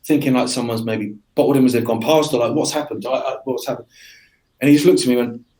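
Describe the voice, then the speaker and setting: An English man, a guest in a casual interview, telling lively anecdotes with energy. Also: medium pitch, fast talker. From England. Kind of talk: casual conversation.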